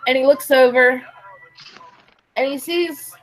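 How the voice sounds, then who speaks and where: A woman with a fairly high voice tells a crude joke in a casual podcast. She is playful and profane. Faint music runs underneath. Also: takes it slowly, rough recording. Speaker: host.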